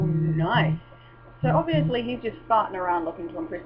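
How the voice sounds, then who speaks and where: A young woman vlogging in casual, rambling chat, swearing and breaking into excited exclamations. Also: lowish voice, moderate pace. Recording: dull lo-fi with faint mains hum.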